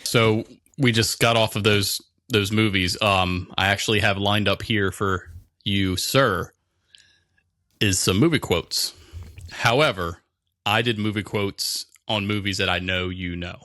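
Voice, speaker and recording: Bright-voiced man hosting a casual quiz. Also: on the low side, fairly even intonation, measured pace, dry recording, studio quality. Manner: rambling, upbeat, lots of fillers. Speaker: podcast co-host. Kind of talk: casual chat, quiz host.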